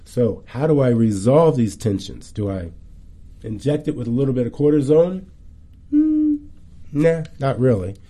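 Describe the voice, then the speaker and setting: A middle-aged man with a deep, dark, mellow voice speaks casually about wellness. He tells stories in a chatty, animated way, full of lively asides, at an ordinary mid pitch. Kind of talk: casual talk to an audience.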